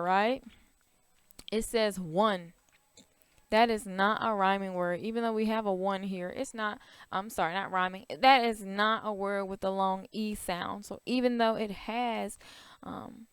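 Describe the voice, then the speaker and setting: A woman teaching a recorded language arts class to young children, upbeat and encouraging, explaining each step slowly. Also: medium pitch, fairly bright tone, smooth, dry recording.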